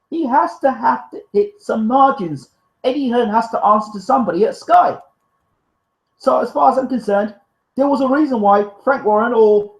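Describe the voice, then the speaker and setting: A man's voice: very high voice, reverberant, low-quality recording. A man hosting a live stream, reading out viewer comments and arguing back in a fiery, defensive, emphatic way. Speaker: live show host.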